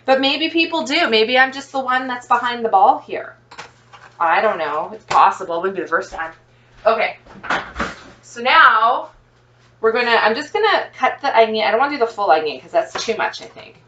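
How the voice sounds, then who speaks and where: A woman chatting excitedly to her viewers as she cooks, thinking out loud in a casual vlog. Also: on the high side, moderate pace, reverberant, distant mic, muffled recording, slight background noise. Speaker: cooking vlogger. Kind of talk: casual cooking vlog, talking to camera. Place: home kitchen.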